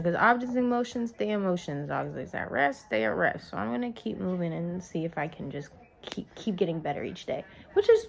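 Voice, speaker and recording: A young woman talking through a casual, rambling vlog update from her car, soft-spoken and close to tears at times. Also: mid-range voice, vocal fry, rough recording. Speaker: vlogger.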